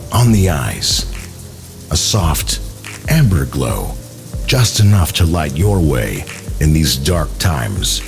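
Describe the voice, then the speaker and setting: In an exaggerated voice, a man plays the Whiskey God, a solemn male deity of whisky. He reads tasting notes slowly in a mock Irish accent, his drawl deep and gravelly. Music plays in the background.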